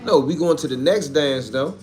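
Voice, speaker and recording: A man hosting a casual livestream, reading out viewer comments and answering them with loud, animated trash talk. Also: a little high, moderate pace, slight background noise. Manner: trash-talking, animated, street slang. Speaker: livestream host.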